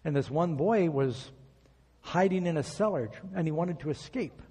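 A male preacher delivers a sermon, reading verses and acting out the prayers he quotes. His voice sits a little high and sounds soft and mellow. It is heard with a long hall reverb behind it. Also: animated, moderate pace, slightly rough. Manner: reads scripture aloud and acts out quoted prayers.

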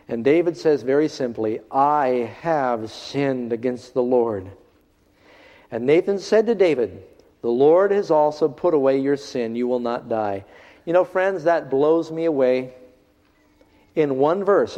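Preaching man in an echoing hall. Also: a little high. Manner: animated preaching, swings from loud to hushed. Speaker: pastor. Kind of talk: sermon. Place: large hall, in front of a congregation. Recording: dull lo-fi recording in a reverberant hall.

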